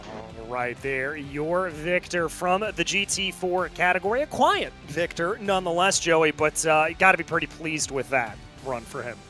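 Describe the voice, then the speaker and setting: A man commentating an online racing broadcast with a high, bright voice. He talks upbeat and runs through standings at a steady clip, with faint music underneath. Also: normal speed, few pauses.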